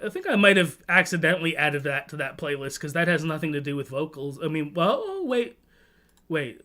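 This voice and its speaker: A man's voice: fairly high pitch, big pitch swings, brisk, bright, forceful tone, soft background music. A man from Toronto hosting a livestream, rambling casually with lots of swearing and restarts. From Toronto, Canada. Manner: rambling, profane, self-interrupting. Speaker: livestream host. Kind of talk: casual chat.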